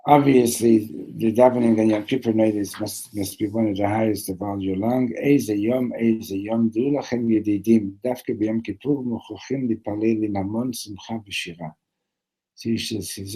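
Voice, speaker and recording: A man teaching a Torah class, telling a story and acting out the characters with sudden loud shouts, mixing in Hebrew terms. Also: lowish voice, steady tone, rapid-fire, breathy edge, rough recording. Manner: mixes in Hebrew and Yiddish terms.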